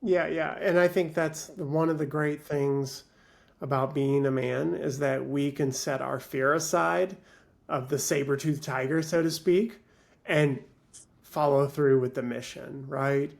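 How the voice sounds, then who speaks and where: A male life coach, a guest on a podcast, talks slowly and reflectively. His voice has a gravelly fry, and he pauses and hedges between his thoughts. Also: fairly high pitch, steady tone. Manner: measured, with many pauses and fillers. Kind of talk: reflective interview talk.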